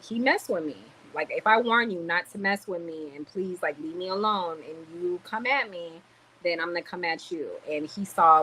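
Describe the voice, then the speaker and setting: A young woman vlogging casually on a livestream, tired and chatty, telling stories with sudden loud exclamations. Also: on the low side, slight background noise, low-quality recording.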